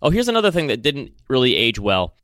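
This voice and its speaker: This podcast co-host has a Michigan accent and shares his opinions on film in an easygoing, chatty conversation. His voice is bright and crisp, at a middle pitch for a man, and swings hugely in pitch at a quick pace. The recording is close and dry.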